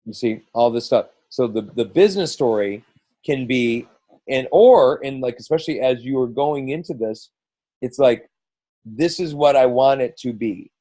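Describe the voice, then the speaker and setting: A middle-aged man talks through a team coaching call in a loose, rambling way, often restarting and slipping into quoted voices. His voice is mellow and dark, recorded close and dry with no room sound. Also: medium pitch, normal speed, no room sound, poor audio. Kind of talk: casual coaching talk.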